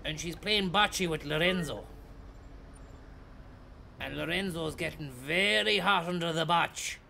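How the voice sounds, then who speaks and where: A man's voice: on the high side, measured pace, gravelly, sharp tone, slight background noise. An Irish man streaming a bus-driving game, chatting with passengers in a teasing way and repeating catchphrases. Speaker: streamer playing a bus driver. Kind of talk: comedic live-stream banter.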